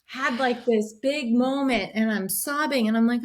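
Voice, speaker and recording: A woman in her thirties, a podcast guest, telling a story in a casual, animated way, swearing freely and acting out her own quotes. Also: on the high side, unhurried.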